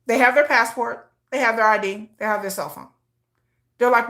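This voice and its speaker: A woman's voice: a little high, normal speed. A woman vlogger retelling news in casual commentary, acting out the people in the story as she goes. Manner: animated storytelling, acting out quoted voices.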